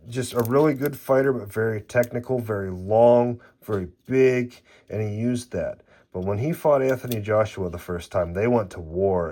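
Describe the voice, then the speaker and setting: A man's voice: lowish voice, a little mellow. A man hosting a casual card-opening video, rambling and swearing when he gets worked up.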